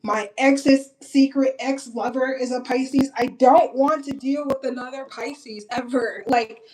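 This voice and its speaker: A woman's voice: on the high side, noisy background. Blunt, profane young woman vlogger. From Minnesota. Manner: blunt, profane and animated, talks straight to viewers. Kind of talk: casual get-ready-with-me chat.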